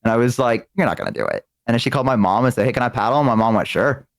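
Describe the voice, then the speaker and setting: A man's voice: mid-range voice, racing, no echo. A man from the American South tells stories in casual chat. He swears freely and acts out each person in them. The voice sits close and dry on the mic. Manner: animated, profane, acts out quoted voices. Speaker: streaming guest.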